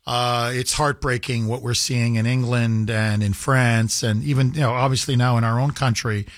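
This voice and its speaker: A man's voice: medium pitch, steady tone, normal speed, dry recording, studio quality. A man hosting a call-in radio talk show, speaking in an emphatic, heated way and repeating himself as he pushes his points.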